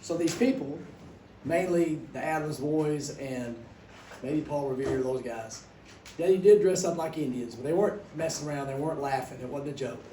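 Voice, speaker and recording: A middle-aged man, teaching a class through animated stories and questions to students. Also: fairly high pitch, normal speed. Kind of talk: classroom storytelling lecture. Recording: echoey classroom, distant mic, background noise.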